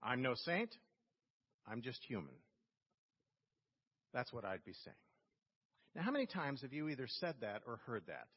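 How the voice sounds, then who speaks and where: A male pastor giving a sermon, telling a story with slow, emphatic phrasing. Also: mid-range voice, sing-song, slightly rough. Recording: long reverb in a church hall, dull lo-fi sound.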